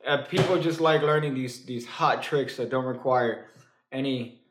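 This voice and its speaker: A halting, joking male card magician. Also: medium pitch, roomy sound, noisy background. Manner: halting, full of fillers and restarts; dry, joking asides. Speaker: magician teaching a card trick. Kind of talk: casual comedic tutorial.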